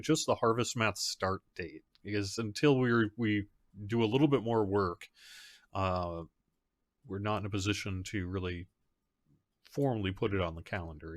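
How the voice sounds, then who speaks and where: A man's voice: on the low side, moderate pace, dry recording. A man, the community manager of a game, hosting a casual live stream from home; he rambles conversationally, with fillers and restarts. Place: home setup.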